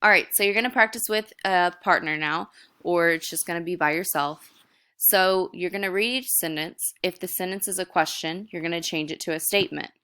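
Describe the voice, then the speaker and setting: A woman's voice: lowish voice, brisk, pushed and bright, smooth. A young woman teacher recording a video lesson, explaining step by step in a casual way.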